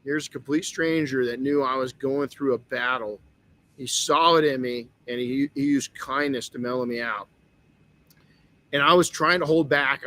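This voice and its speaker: A man's voice: mid-range voice, pushed and bright. A man hosting a motivational podcast, telling a personal story candidly with frequent restarts. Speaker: podcast host.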